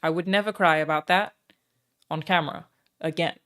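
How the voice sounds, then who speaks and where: Chatty woman streamer, low voice. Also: fairly even intonation, fairly bright tone. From Australia. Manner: chatty, thanking viewers, frequent "um" pauses. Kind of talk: casual chat with viewers.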